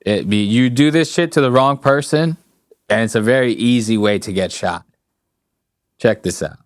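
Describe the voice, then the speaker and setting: A man's voice: mid-range voice, moderate pace, dry recording, studio quality. A man hosting a podcast, chatting crudely and joking while acting out voices from clips. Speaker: podcast host. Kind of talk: casual podcast chat.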